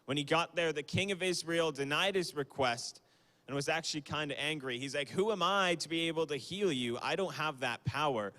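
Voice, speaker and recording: A man's voice: a little high, fairly quick, bright, forceful tone. Young man giving a casual youth sermon. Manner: casual, conversational, with fillers and small apologies. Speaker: youth speaker. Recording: long hall reverb.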